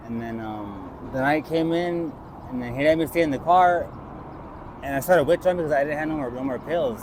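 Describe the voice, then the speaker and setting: This man has a fairly high-pitched voice and a brisk delivery. Street noise and traffic fill the background as he's interviewed outside, rambling through a personal tale and mimicking what other people said.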